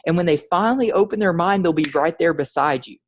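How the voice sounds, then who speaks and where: A man's voice: a little high, fast, muffled recording, slight background noise. Emphatic, preacher-like motivational man. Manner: emphatic, repetitive urging, preacher-like. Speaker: motivational speaker. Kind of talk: motivational talk.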